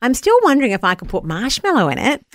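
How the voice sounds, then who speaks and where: A woman's voice: on the high side, wildly swooping pitch, fast talker, dry recording, clean studio sound. A bubbly Australian woman hosting a breakfast radio show, chatting with callers and laughing often. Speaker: radio host.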